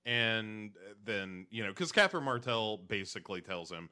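Podcast co-host, male, lower pitch, bright tone, chatty recap style with quick impressions. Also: clear, resonant tone. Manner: animated, acts out characters in quick impressions. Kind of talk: casual chat recapping a TV episode.

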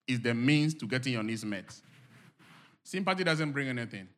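Delivering a sermon to his congregation at a normal speed, this animated preacher moves from quiet murmuring to loud shouted exhortation, dramatizing the inner voices he quotes.

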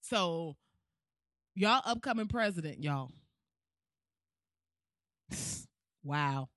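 A woman's voice: fairly low pitch, drawn-out words, no echo, studio quality. A woman ranting in a comedic, profane way, laughing often and acting out what people would say. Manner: animated, profane, laughs often, acts out quotes. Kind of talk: casual comedic rant.

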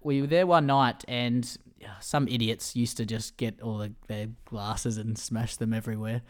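A man's voice: medium pitch, fairly even intonation, moderate pace. A young man co-hosting a podcast, telling stories in a chatty way and laughing often. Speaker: podcast co-host. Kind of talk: casual podcast chat.

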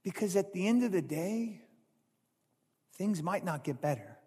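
High-voiced, husky man preaching. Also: measured pace. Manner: animated preaching, swings from loud to hushed. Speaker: pastor. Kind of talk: sermon. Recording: long hall reverb.

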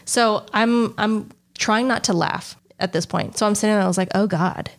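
Chatty podcast lady, 30s, vocal fry, lots of likes and ums. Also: mid-range voice, normal speed. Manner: rambling, filler-heavy, swears freely. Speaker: podcast co-host. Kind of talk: casual chat, storytelling.

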